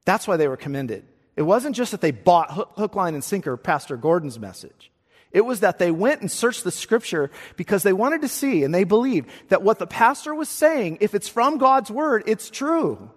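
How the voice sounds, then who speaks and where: A male pastor with a fairly high voice preaches emphatically, doubling up words when he drives a point home. His voice rings out with a long reverb tail, as in a church sanctuary. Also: sing-song, normal speed, husky. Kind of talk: sermon.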